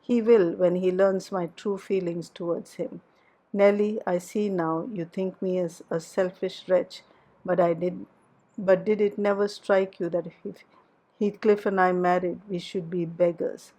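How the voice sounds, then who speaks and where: A woman's voice: on the low side, steady tone, unhurried, warm tone, low-quality recording. A woman voicing a passionate, headstrong young woman in love, in an audiobook reading of a classic novel. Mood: earnest.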